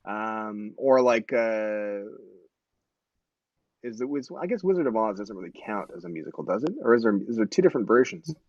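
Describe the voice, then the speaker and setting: A man's voice: fairly low pitch, animated, normal speed, no echo, muffled recording. A man in his forties hosting a casual live-stream chat, rambling and joking, often correcting himself mid-sentence. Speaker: host.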